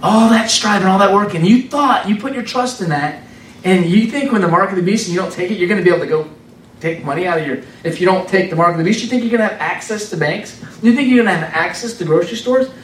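A man preaching an informal, animated sermon in a conversational way, repeating words for emphasis. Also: sits high, fast, far from the mic, a little hiss or hum. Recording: roomy sound from off the mic.

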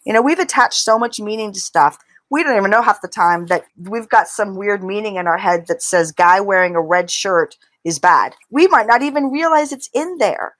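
A middle-aged woman answers interview questions, talking animatedly and slipping into little voices for the thoughts she describes. Her pitch sits in a middle range. The recording is dry, with no room echo. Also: normal speed. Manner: animated, acts out inner voices. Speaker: interview guest, author. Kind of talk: conversational interview.

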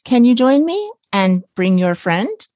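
A sly scheming tomcat from a storybook, put on by a woman reading aloud. He talks in a smooth, falsely gracious way, a touch higher than the narration, recorded close and dry. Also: very animated, unhurried, a little mellow, dry recording. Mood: scheming politeness. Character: sly scheming male cat.

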